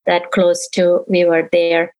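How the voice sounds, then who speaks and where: A woman's voice: on the low side, monotone, slow pace, darkish tone, rough recording. A middle-aged woman, a grieving mother in an interview, recounting events and acting out the dialogue she remembers. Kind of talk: emotional personal recollection.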